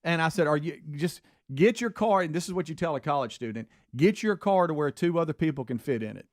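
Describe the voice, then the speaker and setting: A middle-aged man from Alabama tells a family story on a radio talk show. His voice sits a little high and he keeps slipping into the voices of the people he quotes. The studio sound is dry and close. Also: animated, fast talker, dry recording. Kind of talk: casual storytelling chat.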